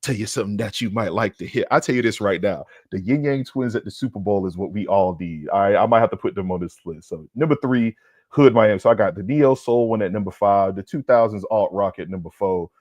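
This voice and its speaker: A man hosting a podcast in a casual comedic rant, loud and profane, always tacking on "all right?". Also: lowish voice, brisk, no echo. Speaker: podcast host.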